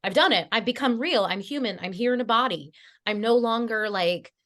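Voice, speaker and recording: A woman's voice: on the high side, animated, fairly quick, a bit bright. A woman, a podcast guest who teaches fitness and meditation, telling a personal story in a chatty, heartfelt way, with plenty of fillers and restarts. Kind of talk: casual conversational storytelling. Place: Connecticut.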